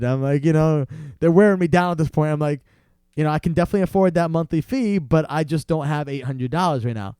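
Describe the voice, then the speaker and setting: A young man with a fairly high, smooth, mellow voice tells a story in casual podcast chat. He acts out other people's lines as he goes, and the sound is dry and close on a studio mic. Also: fast, no room sound. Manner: animated, acts out salesmen's voices in quotes. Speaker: podcast guest.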